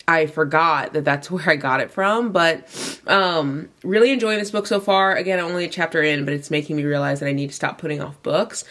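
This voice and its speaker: A woman's voice: low-pitched, fairly bright tone. A young woman vlogging casually from bed early in the morning, sleepy and yawning, with a runny nose, talking in a chatty way full of "like"s. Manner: chatty, filler-heavy, many "like"s and restarts. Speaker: book vlogger. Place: bedroom, lying in bed.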